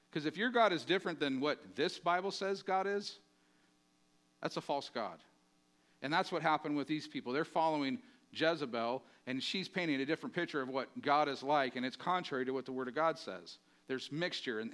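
A man preaching in a conversational, emphatic way, with a somewhat higher voice. He often asks the congregation questions and drops his voice when he speaks quoted lines. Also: fairly bright tone. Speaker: pastor. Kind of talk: sermon.

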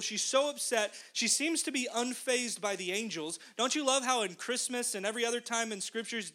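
Bright high-voiced male pastor. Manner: conversational, animated storytelling. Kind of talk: sermon.

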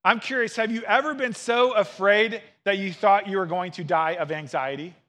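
A man in his thirties delivers a sermon with a rather high voice. He preaches earnestly and expressively, acting out the quotes and lines he tells. His delivery shifts between lively emphasis and quieter, softer moments. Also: moderate pace. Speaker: pastor.

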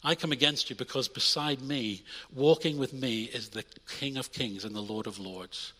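A young adult man preaching a sermon in a church, energetic, swinging between loud urging and quiet intimate asides. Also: medium pitch, moderate pace, in a large hall. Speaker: pastor.

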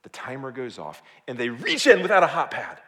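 A man preaching a sermon as pastor, swinging from loud, emphatic appeals to hushed, quiet asides. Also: mid-range voice, huge pitch swings, fairly quick. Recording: long hall reverb.

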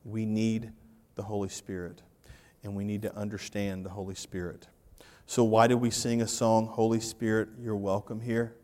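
A man preaching a sermon as pastor, animated, swinging from loud to hushed and repeating his phrases. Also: lowish voice, normal speed. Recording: reverberant church hall.

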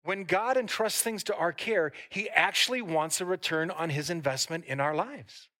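A man preaching a sermon as pastor, talking lively with asides to the congregation and reading scripture aloud. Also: high voice, normal speed. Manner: reads a long scripture passage aloud.

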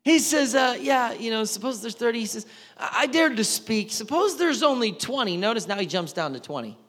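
A man preaching a sermon, telling the story with animated voices for each side of the dialogue. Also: very high voice, a little fast. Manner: animated storytelling, acting out both sides of the dialogue. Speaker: pastor. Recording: long hall reverb.

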